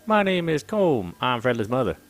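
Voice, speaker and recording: A man voicing a friendly middle-aged female shopkeeper in a game, giving a chatty sales pitch. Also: very animated, moderate pace, lightly acted.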